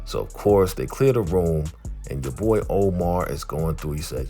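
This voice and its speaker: A man with a very deep voice talking through an episode recap in a loose, streetwise way. He chats casually like he's telling a friend. Faint music plays underneath. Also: animated, moderate pace, mellow. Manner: chatty, streetwise. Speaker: vlogger reviewing a TV episode.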